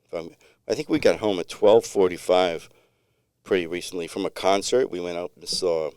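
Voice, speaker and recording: A man's voice: deep voice, fairly even intonation, moderate pace, darkish tone, smooth, no echo, studio quality. A middle-aged man co-hosting a podcast, telling a long story in a rambling, laid-back way with many restarts. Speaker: podcast co-host. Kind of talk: casual storytelling chat.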